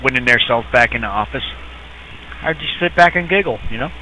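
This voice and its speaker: A man's voice: medium pitch, expressive, a little fast, pushed and bright, slight background noise, rough recording. A middle-aged man co-hosting a casual chat, rambling and sarcastic, chuckling as he tells stories. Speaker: podcast co-host.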